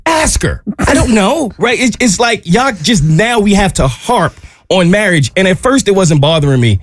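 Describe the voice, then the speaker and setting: This man's voice sits high, swings up and down all over the place, and he gets very lively as he tells a story between his laughs. The sound is dry and close, recorded in a studio. He talks in a casual, conversational way and acts out each quote. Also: normal speed, dry recording. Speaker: radio show co-host. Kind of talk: casual radio chat, storytelling.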